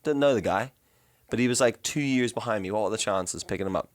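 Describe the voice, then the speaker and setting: A man's voice: fairly low pitch, fast, no echo. A young man from South Africa whose accent mixes South African and Northern Irish sounds, telling stories in casual chat as a podcast co-host. He swears freely and mimics voices as he goes. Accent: South African with Northern Irish influence.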